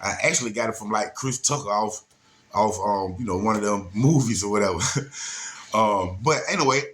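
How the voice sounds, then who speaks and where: A man's voice: lowish voice, normal speed, fairly bright tone, a little hiss or hum. A man casually telling a story, laid-back and slangy, with many asides.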